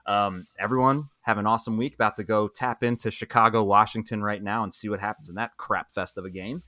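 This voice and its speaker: Bright, dry-voiced podcast host. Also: male voice, lowish voice, steady tone, a little fast, no room sound. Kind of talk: casual sports chat.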